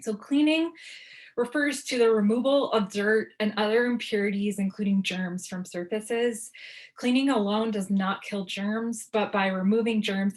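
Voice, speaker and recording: A woman presenting an online workshop in a relaxed, informal way, with frequent ums. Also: mid-range voice.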